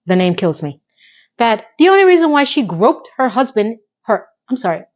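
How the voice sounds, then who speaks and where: A middle-aged woman chatting through a TV episode recap, an animated storyteller full of emphatic asides. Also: a little high, muffled recording. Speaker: TV recap vlogger.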